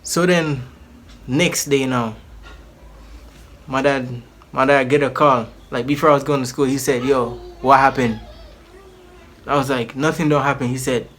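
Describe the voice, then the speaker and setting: Man, casual storytime vlog, rambling, slangy, lots of restarts, mid pitch. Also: normal speed, long pauses. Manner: animated, acts out the people in his story. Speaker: channel host telling a personal story.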